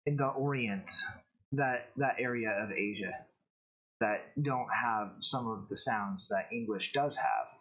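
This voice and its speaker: A man hosting his own live-streamed show, talking casually in a rambling, halting way with many restarts. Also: on the low side, fairly bright tone, muffled recording. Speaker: show host.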